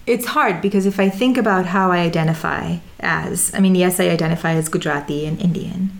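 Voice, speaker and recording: A woman's voice: fairly low pitch, brisk, gravelly. A young woman with an American accent, thoughtfully telling her own story in an interview. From Sudan, raised in Dubai and Jeddah. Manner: thoughtful, with frequent restarts and "you know". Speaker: interview guest. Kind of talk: reflective conversational storytelling.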